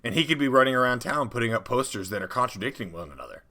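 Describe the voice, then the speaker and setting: A man co-hosting a podcast, pitching ideas for a tabletop adventure in casual, excitable chat with fillers and sound effects. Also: rapid-fire.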